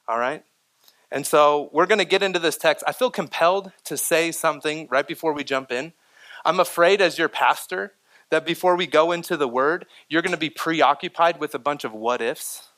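A man preaching a sermon in a church. His voice is bright and forceful and sits a little high. He keeps it lively, pushing up for emphasis and turning to the congregation with asides. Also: moderate pace. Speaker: pastor. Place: church sanctuary.

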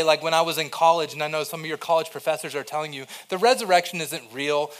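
A young adult man, a pastor, preaches a sermon in a conversational way, shifting between soft, quiet passages and louder, emphatic points. His voice is on the high side.

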